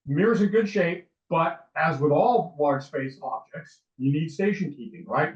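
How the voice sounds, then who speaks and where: A man in his sixties, a lawyer and interview guest, telling stories in a rambling way with many restarts and fillers. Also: a little high. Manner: rambling, with frequent restarts and ums. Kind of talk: casual interview storytelling. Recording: distant, roomy, dull sound.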